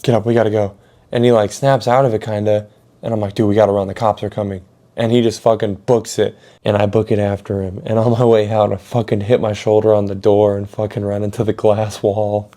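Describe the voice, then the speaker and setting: A young man with a warm, lowish voice tells a story in a casual vlog, wandering as he goes. Profanity and filler words run all through it.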